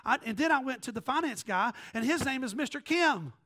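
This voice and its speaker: Animated high-voiced pastor. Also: male voice, a little fast. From American South. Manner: animated, joking, jumps between quoted voices. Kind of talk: sermon with storytelling.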